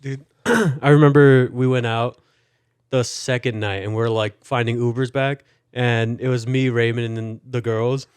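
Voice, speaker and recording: A man's voice: mid-range voice, fairly even intonation, measured pace, clear, resonant tone, no room sound, studio quality. A young man co-hosting a podcast in casual chat, telling a story with animation and acting out the lines he quotes. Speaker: podcast co-host.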